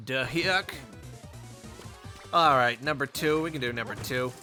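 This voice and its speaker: Male gaming host, bright, somewhat high voice, chatty and rambling, faint music behind. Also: measured pace, long pauses. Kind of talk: casual commentary while playing a game.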